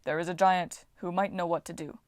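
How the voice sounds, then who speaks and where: A woman reading aloud, voicing a huge, gentle male Titan who talks in slow, simple, halting words. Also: steady tone, clean tone, dry recording, studio quality, close to an everyday voice. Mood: grave. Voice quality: deep, soft, halting simple speech.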